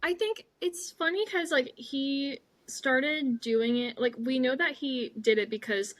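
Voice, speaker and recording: A woman's voice: high voice, a little slow, dry recording. A woman co-hosting a podcast in casual chat, full of "like" fillers, on a video call. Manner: chatty, many "like" fillers. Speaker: podcast co-host.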